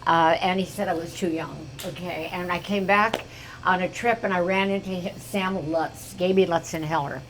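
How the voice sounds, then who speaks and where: A woman's voice: lowish voice, moderate pace, a little hiss or hum, poor audio. Chatty woman in her eighties telling stories. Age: 80s. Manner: chatty, lively, laughs through stories. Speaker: guest singer. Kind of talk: anecdotal storytelling.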